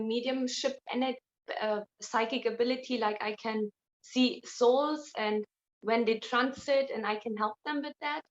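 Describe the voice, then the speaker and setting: A woman speaking as an interview guest, blunt and outspoken in casual conversation. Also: fairly high pitch. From Germany. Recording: dull lo-fi sound.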